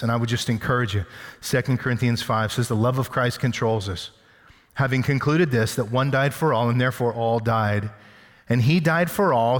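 A man preaching in a reverberant hall. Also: mid-range voice. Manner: conversational, teasing with everyday examples; repeats words and restarts. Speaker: pastor. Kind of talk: sermon. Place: church sanctuary.

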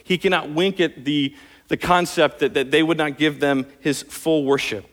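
A man's voice: on the high side, fairly even intonation, moderate pace, a bit bright. A male pastor preaching a sermon earnestly, building intensity on his key points. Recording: long hall reverb.

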